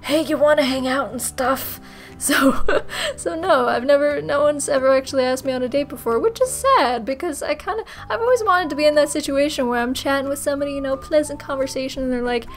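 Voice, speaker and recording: A woman's voice: sits high, quick pace, soft background music. A woman chatting casually in a Q&A vlog, giggly, self-mocking and rambling as she answers viewer questions.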